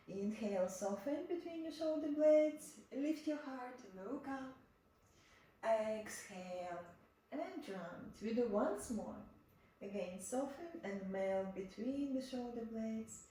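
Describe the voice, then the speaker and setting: A woman leading a yoga class, giving gentle instructions and repeating soft cues. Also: mid-range voice, slight background noise. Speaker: yoga teacher. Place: home room. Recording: echoey room, far from the mic, faint background.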